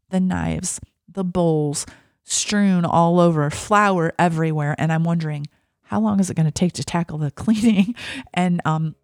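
A woman's voice: fairly low pitch, a little mellow, no echo, studio quality. A woman talking in an earnest, chatty, personal way, moving between casual faith talk and reading a book aloud. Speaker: Christian vlogger.

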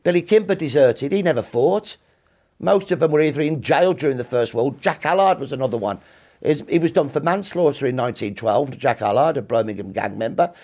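A man's voice: medium pitch, lively intonation, fairly quick, warm tone. A man in his sixties, a historian guest telling history in emphatic, punchy short clauses during an interview.

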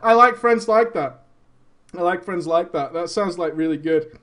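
Brief: high-pitched male streamer, reads a story aloud, laughing, mocking asides. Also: normal speed, a bit bright. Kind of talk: reading a story aloud with commentary.

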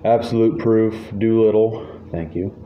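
A man's voice: on the low side, fairly even intonation, a little slow. A man hosting a casual podcast, reading award nominees aloud with wry asides. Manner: reads lists, wry asides, chuckles. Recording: echoey room, dull lo-fi sound, faint noise.

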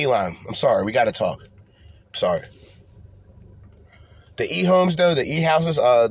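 A podcast host rants casually and animatedly, swearing a lot, rambling, repeating phrases and restarting over and over. His voice is husky and on the high side, and the recording is dry.

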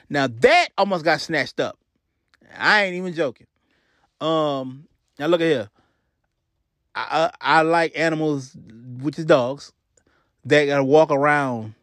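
Profane, ranting man with a higher voice. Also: no room sound, clean studio sound. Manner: profane, animated, repeats himself. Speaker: podcast host. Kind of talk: casual comic rant.

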